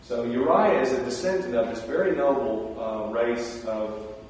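A man giving a sermon, telling the story in a conversational way with animated asides. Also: mid-range voice, moderate pace, a little hiss or hum. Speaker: preacher. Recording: roomy hall, distant mic.

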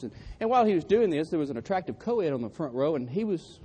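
A man tells a funny story in a folksy, self-deprecating way as part of a sermon. His voice sits a little high for a man, and a faint hiss of background noise runs under it. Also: sing-song, fast talker, few pauses, mellow.

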